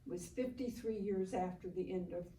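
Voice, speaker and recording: A woman's voice: on the low side, moderate pace, dark tone. An older woman, the daughter of the man being honored, giving an earnest speech at a public ceremony and telling stories with quoted dialogue. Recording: roomy, distant mic with faint background noise.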